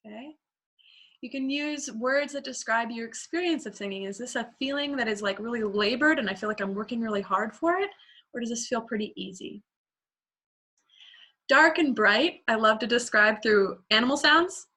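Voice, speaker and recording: Woman voice teacher, bright tone, fairly high voice, relaxed chatty singing lesson. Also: normal speed. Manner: demonstrates sounds with sung vocal examples; relaxed and conversational, with fillers.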